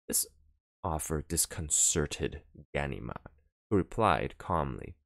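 A man with a low voice narrating a classic novel for an audiobook, reading expressively with wide swings of pitch. The sound is close and dry, with no room around it. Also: expressive, measured pace, no room sound.

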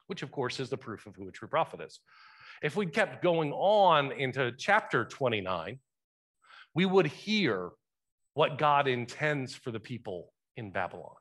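A man's voice: mid-range voice, sing-song, a little slow, a bit bright. A male pastor preaching a sermon in a church, talking conversationally and asking the congregation questions. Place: church sanctuary.

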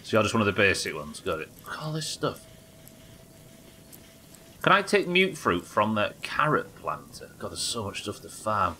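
Man, gameplay commentary, sweary chatter, bright voice, faint hiss. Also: on the low side, big pitch swings, a little fast, few pauses. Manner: sweary, chatty, thinking aloud. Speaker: livestreamer.

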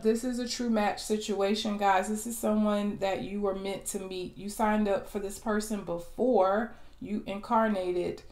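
Woman, tarot reading monologue, upbeat, medium pitch, roomy echo. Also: darkish tone. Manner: upbeat, repeatedly addresses viewers as guys. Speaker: tarot reader.

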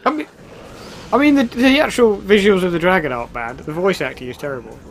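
A man's voice: high voice, fairly quick, gravelly, a little hiss or hum. A man giving casual, wry commentary while starting a video game, with sarcastic asides. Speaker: let's play host.

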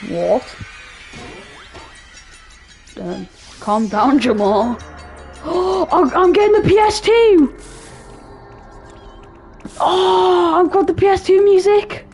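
A woman giving rambling, joking commentary while playing a video game, yelling at the game now and then. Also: very high voice, animated, slow, vocal fry, long pauses. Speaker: gamer. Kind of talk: casual gaming commentary. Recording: game music playing behind. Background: game music.

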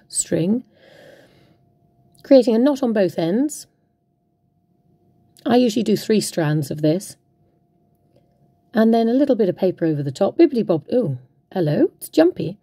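A woman's voice: medium pitch, dark tone, no room sound, clean studio sound. Playful, chatty woman crafting. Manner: chatty, playful, talks to herself while working. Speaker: craft tutorial host. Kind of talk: casual crafting demonstration.

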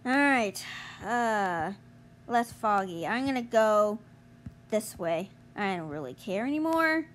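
A young woman commentating her gameplay, exasperated and groaning, yelling at other players to get out of her way. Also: high voice, expressive, slow, a little hiss or hum. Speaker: gamer streamer.

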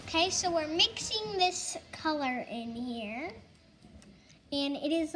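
A woman's voice: sits high, expressive, takes it slowly. A young girl hosting a casual slime-making vlog at home, chatty and bossy as she directs her brother. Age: child. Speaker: vlog host. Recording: noisy home recording.

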